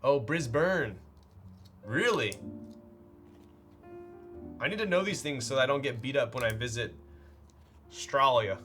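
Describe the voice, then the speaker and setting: A man's voice: medium pitch, big pitch swings, normal speed, pauses often, a bit bright, faint music behind. A man streamer talking casually while building a keyboard, rambling and playful, with lots of fillers. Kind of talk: casual live-stream chat.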